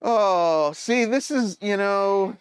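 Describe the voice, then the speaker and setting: A man hosting a casual live stream, thinking aloud as he troubleshoots and answers viewers' chat with hesitant, halting phrasing. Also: high-pitched, smooth, no room sound, clean studio sound. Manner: hesitant, many fillers and restarts.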